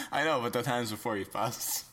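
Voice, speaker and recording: A man's voice: medium pitch, moderate pace, pushed and bright. A man co-hosting a casual podcast, stammering and sheepish, laughing at himself. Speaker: podcast co-host.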